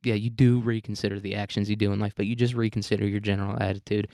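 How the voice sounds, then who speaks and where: A man's voice: lowish voice, level tone, rapid-fire, hardly any pauses, mellow, no room sound, clean studio sound. A man hosting a solo podcast, talking casually in a rambling, profane, self-mocking way and laughing often. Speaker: podcast host.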